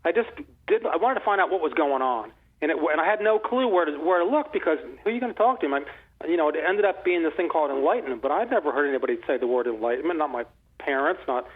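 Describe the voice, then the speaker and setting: An older man in his sixties talks quickly and eagerly, his fairly high voice coming through a thin, phone-like line. He rambles through his stories with many restarts and self-corrections. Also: expressive, husky. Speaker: author and interview guest. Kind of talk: casual conversational storytelling.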